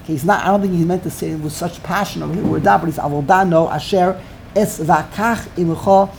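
An emphatic woman leads a Torah class, wandering from point to point and scattering Yiddish and Hebrew terms through her talk. Her voice sits on the low side, with a faint hiss behind it. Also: a little fast, vocal fry, darkish tone. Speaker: Talmud teacher.

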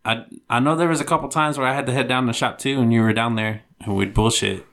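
A man's voice: medium pitch, steady tone, fast, a bit bright. A man co-hosting a podcast, trading dry, teasing remarks in casual chat. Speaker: podcast co-host.

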